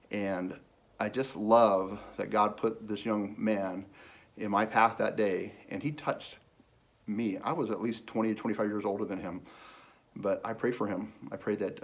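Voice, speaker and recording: Earnest man telling a personal story. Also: on the low side. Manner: earnest, animated when quoting others. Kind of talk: personal testimony.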